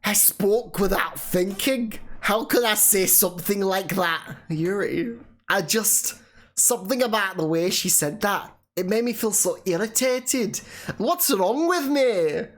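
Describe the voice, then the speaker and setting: A woman voicing a shy, timid teenage girl in a game, reading in a soft, hesitant way. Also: mid-range voice, expressive, unhurried. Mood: anxious. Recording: game music behind.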